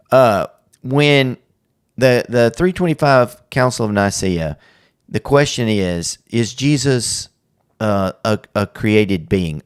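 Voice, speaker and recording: A man hosting a podcast, explaining church history and theology in a casual teaching chat with quick asides. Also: fairly low pitch, dry recording, studio quality.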